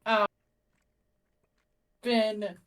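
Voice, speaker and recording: A woman's voice: medium pitch, little pitch movement, very slow, a bit bright. Bubbly woman player, hesitant with fillers, mid-range voice. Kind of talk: tabletop role-play chat.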